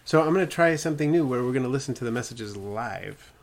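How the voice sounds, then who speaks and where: A man's voice: mid-range voice, lively intonation, fast talker. A man co-hosting a podcast in casual chat on a studio microphone, easygoing and laughing often. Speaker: podcast co-host.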